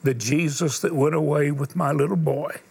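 An older man hosting a Christian talk show, telling a story in an earnest preaching manner and dropping to a hushed voice at emotional moments. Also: on the high side, steady tone, moderate pace, creaky, breathy edge. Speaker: TV host and preacher.

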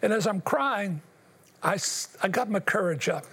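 Husky, gravelly older man telling his story. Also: sits high, animated, normal speed, a bit bright. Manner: earnest, emotional storytelling addressed to the host. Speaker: interview guest. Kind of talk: personal testimony.

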